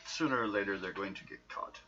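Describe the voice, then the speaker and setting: A man's voice: on the low side, fast, close to an everyday voice. A man voicing a weak-voiced male vampire count who speaks in a formal, clipped and disdainful way. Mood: weary. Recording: dull lo-fi recording, faint music behind.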